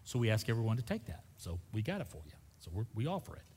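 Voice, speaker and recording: A middle-aged male pastor with a slightly husky voice delivers a sermon, leaning hard into emphatic bursts and then dropping to quiet asides. His voice rings through a church sanctuary with a long hall reverb trailing after each phrase. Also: on the low side, big pitch swings, fast. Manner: emphatic, swinging from loud bursts to soft asides.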